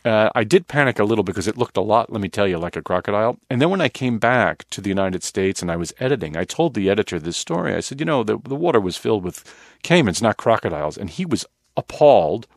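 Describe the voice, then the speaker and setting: A man's voice: on the low side, animated, fast talker, few pauses, no room sound, studio quality. A man, a film director, telling stories in an interview in a rambling, self-mocking way with many restarts. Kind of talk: anecdotal interview talk.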